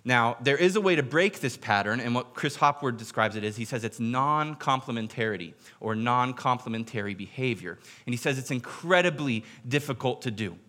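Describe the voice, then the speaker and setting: A man preaching a sermon, telling a story with a bright, forceful voice. He sinks to a hush when he voices what people said and slows down to land a point. His pitch sits in the middle for a man. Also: expressive. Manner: drops quiet for quoted speech, slows for emphasis.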